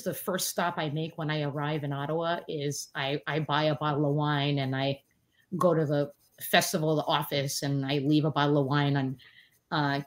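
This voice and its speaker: A woman in her forties, a guest in a casual interview, telling stories with lots of fillers and lively quoted voices. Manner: animated, many fillers, acts out quotes in a higher voice. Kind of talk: casual storytelling chat.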